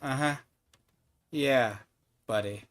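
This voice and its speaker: A man's voice: medium pitch, slow, a bit bright. A man streaming a game, trash-talking and mocking another player in casual, swearing chat. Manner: taunting, mocking, swears freely.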